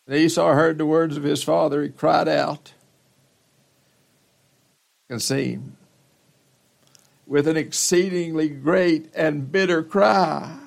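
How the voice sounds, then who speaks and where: A man's voice: on the high side, steady tone, takes it slowly, vocal fry, long pauses. A male pastor preaching a sermon, retelling scripture in a dramatic storytelling manner with rising emphasis.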